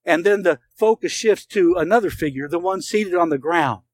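Man, pastor, sermon, high voice, earnest storytelling, dramatic pauses. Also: low-quality recording.

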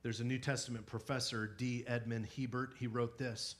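A man in his thirties preaching a sermon who moves from quiet storytelling to emphatic, near-shouted exhortation and has the congregation repeat words after him. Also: mid-range voice, level tone, normal speed, few pauses. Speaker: pastor.

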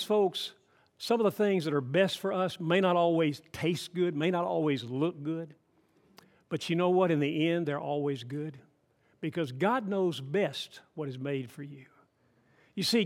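High-voiced preacher, folksy and emphatic. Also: male voice. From Atlanta, Georgia. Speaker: pastor. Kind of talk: sermon.

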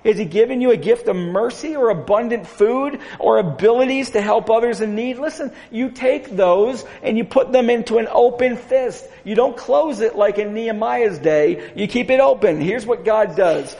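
A man's voice: sits high, moderate pace, gravelly, few pauses, darkish tone. A male pastor preaching a sermon earnestly, asking his congregation rhetorical questions. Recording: long hall reverb.

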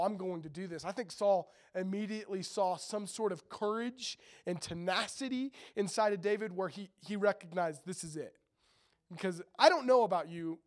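Guy with a high voice preaching laid back, reads the bible passage then chats and jokes with the crowd. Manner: chatty, jokey asides to the audience. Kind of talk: casual sermon with scripture reading.

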